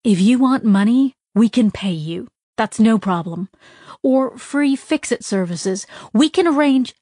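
A woman's voice: fairly high pitch, expressive, a little slow, warm tone, no room sound, studio quality. A woman voicing an apologetic, diplomatic adult woman who chooses her words carefully. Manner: careful, apologetic, eager to please.

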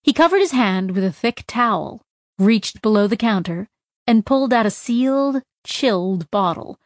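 A woman's voice: mid-range voice, expressive, normal speed, no echo, clean studio sound. A woman reading a science fiction story aloud as an audiobook narrator, with light voices for the characters. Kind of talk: scripted narration.

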